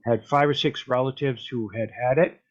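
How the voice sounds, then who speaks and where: A male radio host talks through a casual chat at a middle pitch. He sounds easygoing and chuckles between points. The recording of his voice sounds slightly muffled and dull. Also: steady tone, normal speed.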